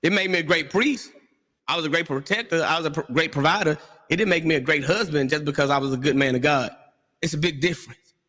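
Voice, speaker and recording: A man on a discussion panel, talking in an animated way and acting out voices in his stories. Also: a little high, quick pace, big-room sound. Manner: animated storyteller, acts out quotes.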